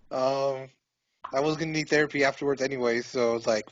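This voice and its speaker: A man's voice: medium pitch, fairly even intonation, fast, no echo. A man co-hosting a podcast, dryly correcting and adding wry comments. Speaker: podcast co-host. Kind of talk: casual chat. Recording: dry, dull lo-fi audio.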